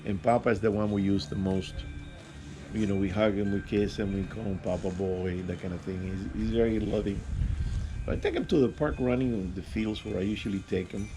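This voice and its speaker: A man telling a personal story in a casual, rambling way, with halting restarts and fillers. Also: on the low side, fairly even intonation, music in the background. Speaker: vlogger.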